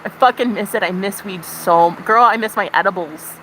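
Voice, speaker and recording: A woman livestreamer ranting to her chat in casual, profane, animated talk. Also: medium pitch, brisk, slight background noise, poor audio.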